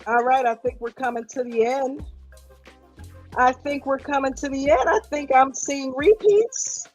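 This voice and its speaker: A woman's voice: sits high, measured pace, soft background music. A woman hosting a livestream, casually greeting viewers one by one in a playful, teasing, affectionate way. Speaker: host.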